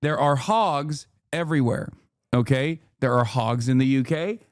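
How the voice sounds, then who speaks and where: A man's voice: medium pitch, expressive, unhurried, dry recording, studio quality. A man hosting a livestream, reacting to a video with mocking, profane rants. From United States. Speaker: livestream host.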